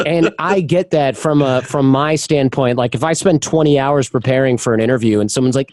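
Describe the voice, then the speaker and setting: A man's voice: mid-range voice, brisk, few pauses, darkish tone, no echo. Man telling candid stories, dry sound. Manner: candid storyteller, acts out quoted voices. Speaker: podcast guest. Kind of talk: casual interview chat.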